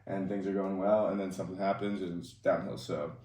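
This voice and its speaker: A man co-hosting a podcast, telling stories in a lively way and laughing often. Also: deep voice, brisk. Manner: animated storyteller, laughs often. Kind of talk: casual chat. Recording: roomy, distant mic.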